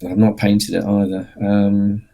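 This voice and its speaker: A lower-pitched man with a gravelly, fry-laden voice talks through his work in a relaxed interview. He explains step by step and pauses often to find his words. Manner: explains patiently, halting with fillers. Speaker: guest, miniature sculptor and painter. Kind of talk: casual interview chat.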